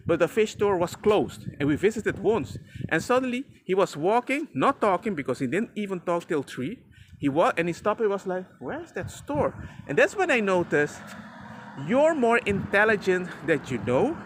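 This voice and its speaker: A man talks straight to his viewers in an emphatic, chatty way. His voice sits high and swoops all over the place. He sounds like a dad giving friendly advice to his audience. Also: normal speed, slight background noise. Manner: animated, emphatic, chatty, addresses viewer as "bro". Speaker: father sharing parenting advice. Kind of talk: casual talk to camera.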